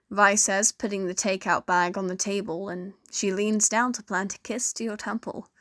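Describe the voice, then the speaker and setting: A young woman narrating a fan fiction story in second person, in a slow, steady storytelling manner. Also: medium pitch, dry recording, studio quality. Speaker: narrator and voice actor.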